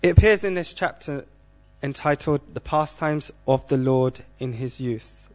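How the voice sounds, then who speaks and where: A man giving a scripture class, speaking in a measured way and asking the audience questions. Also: medium pitch.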